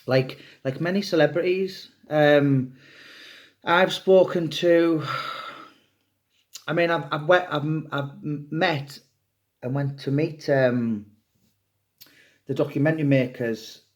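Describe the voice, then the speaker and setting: Middle-aged man, author, loose rambling chat, voice sits a touch high. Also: steady tone, takes it slowly, long pauses. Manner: rambling, chatty, swears casually. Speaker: true crime author. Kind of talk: casual monologue to camera.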